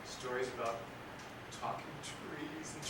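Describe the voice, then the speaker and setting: An actor playing a grief-stricken young man mourning his little brother in a stage monologue, halting with broken repetitions that swell into shouting. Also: mid-range voice, fairly even intonation, heavy background noise, natural voice. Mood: tender, grieving. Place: theatre stage. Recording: echoey theatre from far off.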